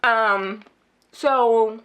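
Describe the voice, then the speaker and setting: High-voiced shaken woman vlogger. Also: clean tone. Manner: animated, rushed retelling with quoted voices. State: shaken and upset. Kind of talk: casual storytelling vlog. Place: at home indoors.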